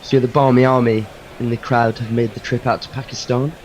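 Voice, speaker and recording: A man from England giving chatty, lively ball-by-ball cricket commentary. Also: mid-range voice, fairly quick. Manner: chatty and lively, calling play.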